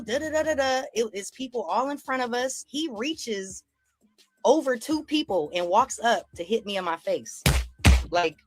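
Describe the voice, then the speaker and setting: A woman comedian telling the story of an incident in a played clip, animated and acting out what others said. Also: mid-range voice. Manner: animated storytelling, acts out the other people's lines.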